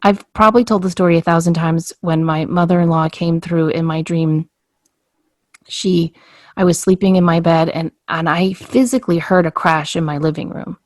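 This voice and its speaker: A woman with a fairly low voice tells a personal story at normal speed in a casual podcast conversation. She's an animated storyteller who acts out the quoted dialogue as she goes. The studio sound is clean and dry.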